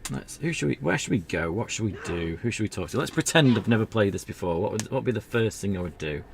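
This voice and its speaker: A man's voice: lowish voice, animated, fast talker, gravelly, slight background noise. A man streaming an old adventure game, chatting casually in a rambling, self-deprecating way. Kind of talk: casual gameplay commentary.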